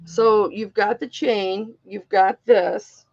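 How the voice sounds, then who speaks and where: A woman hosts a jewelry auction livestream in an unhurried, rambling way. Her voice has a gravelly, creaky texture. She speaks warmly to her viewers, and the sound is a little dull and lo-fi. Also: mid-range voice, fairly even intonation. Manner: affectionate, emotional, rambling, addresses viewers as honey and baby. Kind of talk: casual livestream chat.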